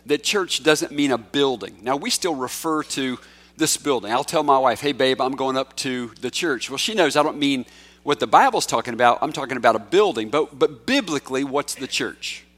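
In a church sanctuary, a male pastor preaches a sermon in a conversational way, playfully coaxing children to come forward. His mid-range voice is animated and fairly bright, moving at a moderate pace.

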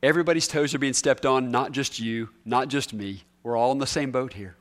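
A man preaching a sermon, emphatic, repeating key words and swinging between loud and soft. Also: mid-range voice, fairly quick. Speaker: pastor.

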